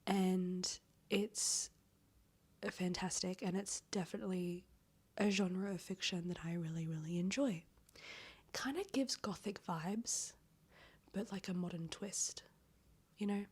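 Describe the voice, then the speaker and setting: A woman speaks in a breathy near-whisper with a husky, hoarse edge that keeps cracking. She chats and rambles through a casual book-review vlog and swears now and then. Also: fairly low pitch, a little slow, long pauses. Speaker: book vlogger.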